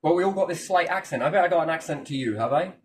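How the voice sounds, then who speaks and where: Lively man talking off-mic. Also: a little high, racing, far from the mic, slight background noise. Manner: animated, jumps between topics, swears freely. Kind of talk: rambling casual chat.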